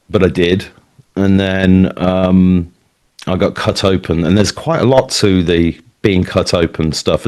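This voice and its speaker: A man's voice: low-pitched, a little mellow. An English man in his fifties telling his life story to a live audience, rambling and conversational, with plenty of fillers and asides. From England. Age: 50s. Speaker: speaker at an event. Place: talk before a live audience.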